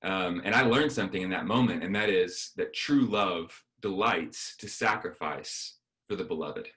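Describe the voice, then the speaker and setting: A man's voice: sits low, moderate pace, sharp tone. A man giving a sermon as a guest speaker, telling a personal story and acting out the dialogue.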